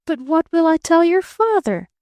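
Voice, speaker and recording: A woman's voice: sits high, lively intonation, moderate pace, darkish tone, dry recording, studio quality. A woman reading a flustered, wry young man. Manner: stammering, wry. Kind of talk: audiobook character reading.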